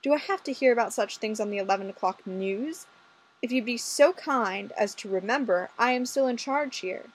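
A woman's voice: a little high, moderate pace, natural voice, poor audio. A woman voicing a stern, imperious female superior officer who scolds a subordinate in a story reading. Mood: indignant.

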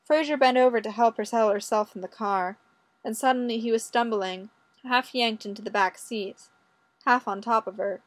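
A woman reading fiction aloud in an even, steady storytelling voice. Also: on the high side, normal speed. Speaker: narrator.

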